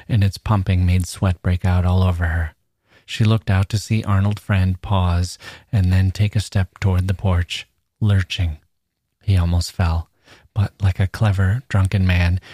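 Deep male narrator, measured literary reading, dry close sound. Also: little pitch movement, darkish tone, dry recording.

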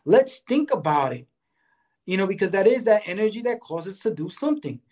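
Man, fairly high voice, earnest casual chat, keeps saying right. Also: sing-song, a little fast, darkish tone. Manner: earnest, repeats "right?" and "you know"; enjoys exercise, speaks of fitness. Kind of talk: casual conversational advice.

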